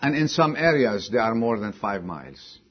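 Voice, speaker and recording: A man preaching a sermon, dropping low and quiet, then bursting out loud and high, and asking the congregation direct questions. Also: expressive, moderate pace, dull audio. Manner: swings from low quiet lines to sudden loud high exclamations. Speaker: pastor.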